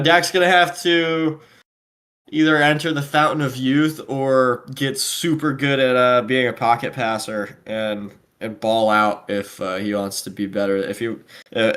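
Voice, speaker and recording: A man co-hosting a casual sports chat show, relaxed and a little hesitant, with playful asides. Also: medium pitch. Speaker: podcast co-host.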